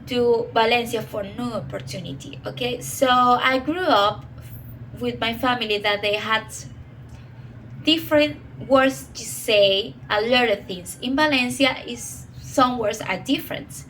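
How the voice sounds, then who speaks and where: A woman in her twenties with a Venezuelan Spanish accent, speaking English as a second language in a slightly high voice. She talks about herself in a halting way, pausing to search for words and often filling gaps with "okay". Faint noise sits under her voice. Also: a bit bright, poor audio. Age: 20s. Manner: halting non-native English, frequent "okay" fillers. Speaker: professor. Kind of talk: personal monologue.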